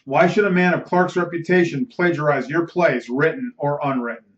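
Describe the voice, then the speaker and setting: A man voicing Jack, a calm, skeptical young college friend who questions in a level way. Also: on the high side, normal speed, natural voice. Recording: roomy, slightly muffled recording.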